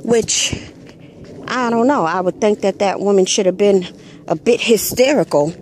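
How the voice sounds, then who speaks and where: A woman hosting her own channel retells a story as blunt, profane, casual commentary, punctuating her points with an emphatic "Hello." Her voice is mid-range and a little mellow at normal speed, with slight background noise.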